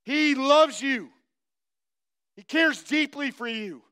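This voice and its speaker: A man's voice: very high voice, lively intonation, slow, sharp tone. A man preaching a sermon as pastor, emphatic, repeating phrases and speaking straight to the congregation.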